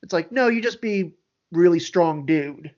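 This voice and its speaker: A man's voice: fairly high pitch, lively intonation, measured pace, a little mellow. A man co-hosting a podcast, chatting casually and rambling animatedly with many fillers. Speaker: podcast co-host. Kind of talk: casual chat. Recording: dull lo-fi audio.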